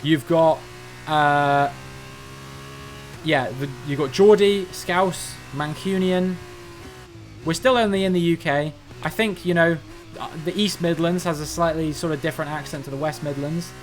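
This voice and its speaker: A man's voice: on the high side, measured pace, soft background music. A man from Cornwall with a general Southern English accent, chatting casually on a game livestream and musing aloud with frequent restarts. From Cornwall, England. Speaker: game streamer.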